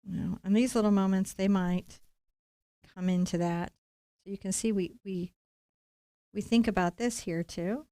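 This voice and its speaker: A woman's voice: medium pitch, fairly even intonation, normal speed, long pauses, mellow, no room sound, clean studio sound. A woman leading a live-streamed painting lesson, talking playfully and encouragingly straight to her viewers. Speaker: painting instructor.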